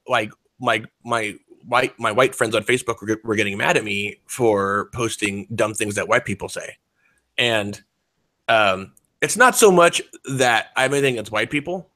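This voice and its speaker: A man in his forties rambles through a casual chat, swearing freely and restarting his sentences. His voice is bright and forceful, set at a middle pitch. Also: no echo. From United States. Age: 40s. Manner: rambling, profane, many fillers and restarts.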